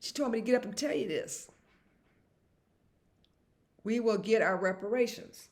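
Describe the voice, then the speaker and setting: A woman's voice: fairly high pitch, moderate pace. A woman vlogger talking to camera in a casual monologue, emphatic and repetitive and chuckling at herself.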